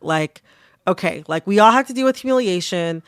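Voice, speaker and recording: A woman hosting an interview podcast, lively and engaged with her guest. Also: mid-range voice, moderate pace, clear, resonant tone, dry recording, studio quality. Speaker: podcast host.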